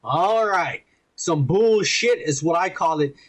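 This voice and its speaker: A man hosting a podcast, retelling a TV episode in a casual, rambling, profane way and putting on quick voices for the characters. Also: a little high, expressive. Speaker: podcast host reviewing a TV episode.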